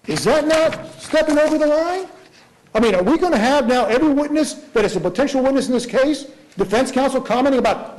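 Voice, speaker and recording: A man's voice: very high voice, expressive, fairly quick, darkish tone, rough recording. A man arguing as prosecutor in a courtroom, pressing his point with rhetorical questions. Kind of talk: courtroom argument before a judge.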